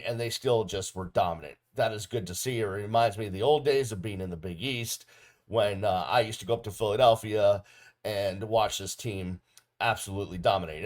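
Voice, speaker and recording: A middle-aged man hosting a podcast, giving a casual solo game recap with plenty of ums and uhs. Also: on the low side. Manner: casual, relaxed delivery with frequent ums and uhs. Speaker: podcast host. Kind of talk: solo sports recap video.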